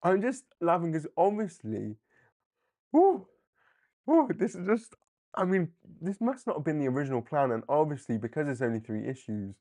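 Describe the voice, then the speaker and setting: Animated man reviewing comics live. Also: on the high side. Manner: animated, laughing, acts out characters in quick asides. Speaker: comic book livestream host. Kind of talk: casual live commentary.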